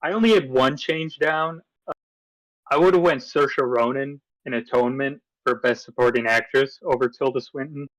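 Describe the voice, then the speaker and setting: A man's voice: mid-range voice, normal speed, a bit bright, dry recording, low-quality recording. Easygoing male co-host, dry mic. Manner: easygoing, lists picks from notes with fillers. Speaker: podcast co-host. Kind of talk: casual chat.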